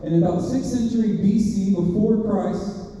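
A man's voice: sits high, moderate pace, dark tone. A man preaching a sermon in a conversational storytelling way, acting out characters as he tells the story. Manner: conversational, acts out characters in quotes. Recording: roomy hall, distant mic, dull sound.

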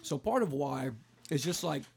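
A man's voice: a little high, normal speed, vocal fry, slight background noise. Male pastor-host, thirties, casual and talkative, filler-heavy delivery. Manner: relaxed, talkative, lots of "like" fillers. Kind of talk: casual chat.

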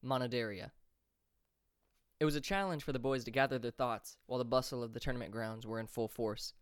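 A man reading a fantasy audiobook chapter as narrator, in a steady, measured way. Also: mid-range voice, clear, resonant tone, no room sound, studio quality.

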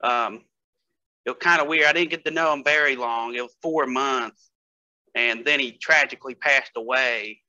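Male guest, casual storyteller, sharp bright voice, middle pitch. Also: normal speed, lo-fi sound. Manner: storytelling, laughs often, hesitant fillers. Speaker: guest strength athlete. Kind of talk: casual podcast chat.

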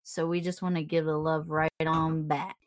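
A woman co-hosting a podcast who does the shout-outs in a loose, profane casual chat. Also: low-pitched, little pitch movement. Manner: loose, profane, drawn-out delivery. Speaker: podcast co-host.

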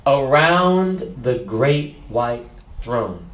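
Preacher, male, bright ringing voice, recites lyrics, builds to fervent shouts, echoey room. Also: mid-range voice, animated, a little slow. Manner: rises to shouting fervor, recites lyrics with rhythm. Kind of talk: sermon.

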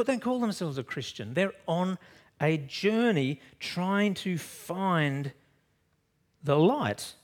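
Pastor telling a Bible story. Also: male voice, high voice, gravelly. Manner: lively storytelling, swings from loud to soft. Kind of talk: sermon.

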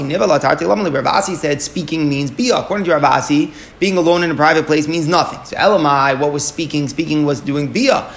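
A man with a fairly high, creaky voice and a fairly bright tone teaches a Talmud lesson. He explains things step by step, poses his own questions and answers them, and mixes in Aramaic and Hebrew terms.

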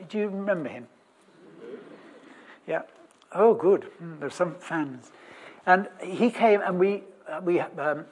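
A preacher with a husky, breathy tone and a middle-range voice delivers a chatty sermon. The delivery is humorous, full of wry asides and questions to the congregation. It is punctuated by restarts and sudden loud bursts of emphasis. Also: medium pitch. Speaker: preacher in a church service.

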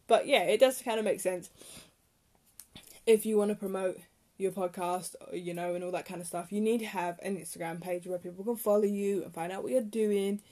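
A woman's voice: mid-range voice, darkish tone. A young woman hosting her own podcast from her bedroom, chatting casually in a rambling, self-deprecating way. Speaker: podcast host. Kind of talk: casual solo podcast chat.

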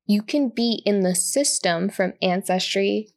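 A woman's voice: mid-range voice, a little slow, a little mellow, dry recording, studio quality. A woman co-hosting a podcast in casual chat, giggly and chatty, laughing often as she talks. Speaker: podcast co-host.

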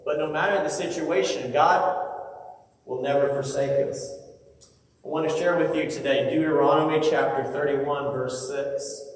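A man preaching a sermon in a church, swinging from loud emphasis to hushed tones. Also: on the high side. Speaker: pastor. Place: church sanctuary. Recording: echoey hall from far off.

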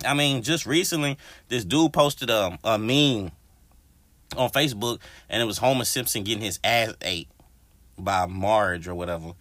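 This podcast host has a fairly low voice, talks at a normal speed, and is captured without room sound. He goes on a casual, foul-mouthed solo rant, animated and speaking directly to listeners.

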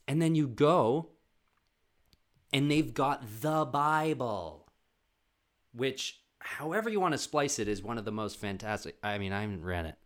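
A young man telling stories casually, rambling and swearing, with fast bursts. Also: mid-range voice, lively intonation. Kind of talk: casual storytelling.

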